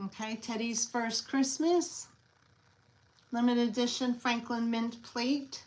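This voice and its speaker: Her voice sits on the high side, with fairly even intonation and a slow pace: a middle-aged Long Island New Yorker running a live stream that sells collectibles. She chats and rambles, tossing in asides while reading and answering what viewers write.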